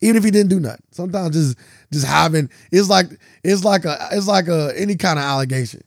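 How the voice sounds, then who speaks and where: A podcast co-host with a fry-laced voice sitting a touch above the usual male range. He argues insistently in loose, casual chat and laughs easily between points. The sound is dry and close, with no room around it. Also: on the high side, fast talker, no echo. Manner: argumentative, insistent, laughs often. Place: podcast studio.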